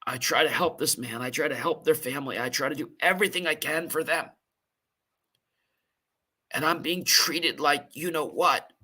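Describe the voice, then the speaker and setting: A man hosting a podcast, telling a painful personal story in an earnest, emotional, halting way with many fillers. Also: a little high, pushed and bright. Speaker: podcast host.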